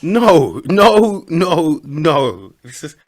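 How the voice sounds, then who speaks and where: A young man, chatting casually as a podcast co-host, animated and full of slang. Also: a little high, extremely slow. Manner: animated, slangy banter with laughs. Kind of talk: casual chat.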